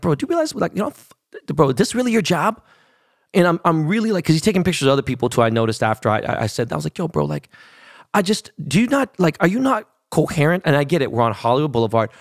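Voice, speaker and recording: A man's voice: medium pitch, no echo, studio quality. A man, hosting a podcast and telling a story in a casual, profane, slangy rant. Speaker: podcast host.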